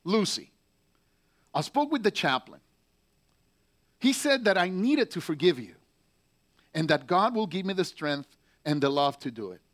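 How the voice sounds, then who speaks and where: A man reading aloud the letters of a Marine stationed overseas, slow and heavy with pauses. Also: sits high, big pitch swings. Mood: anguished. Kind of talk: letter read aloud in character.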